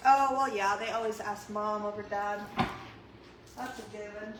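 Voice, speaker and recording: A woman's voice: mid-range voice, fairly even intonation, moderate pace, background noise. A young woman hosting her own channel, chatting casually with viewers in a blunt, profane way and laughing often. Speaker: channel host, mother. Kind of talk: casual chat reacting to viewers.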